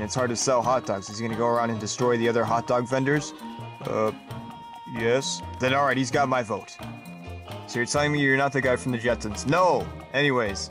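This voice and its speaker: A man at an ordinary middle pitch, performing a scripted comedy sketch on his own. He hops between goofy character voices, some high and excited, some low and mumbling. Faint music plays under his voice. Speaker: comedy sketch creator voicing several characters.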